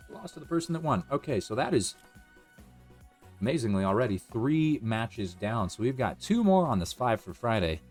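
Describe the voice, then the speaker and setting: Man, young, game streamer, chatty, jokey, animated pitch, faint music behind. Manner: chatty and jokey, with excited high outbursts; does goofy put-on voices. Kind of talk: live gameplay commentary.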